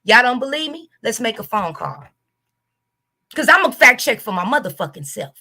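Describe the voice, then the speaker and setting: Woman host with Southern US accent, blunt and profane reaction rant, higher-pitched voice. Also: very animated, moderate pace, bright, forceful tone. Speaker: YouTube host. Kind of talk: casual reaction rant to camera.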